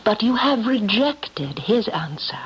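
A sinister talking statue spirit. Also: female voice, mid-range voice, big pitch swings, husky, heavily acted. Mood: menacing. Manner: slow, hypnotic, taunting, with whispered asides. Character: sinister female statuette spirit, commanding thief queen. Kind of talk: old-time radio drama acting. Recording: dull lo-fi old radio recording.

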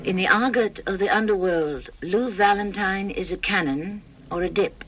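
A man hosting a radio drama, narrating in a measured, declamatory style. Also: sits high, a bit bright, slight background noise, low-quality recording.

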